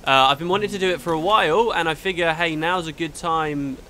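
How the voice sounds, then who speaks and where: A man's voice: on the high side, fairly even intonation, brisk, sharp tone, a little hiss or hum. A young man hosting a let's play at home, chatting and rambling as he reacts to the game, recorded on a desktop mic. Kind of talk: gameplay commentary. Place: home room during a thunderstorm. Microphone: desktop mic recorded in Audacity.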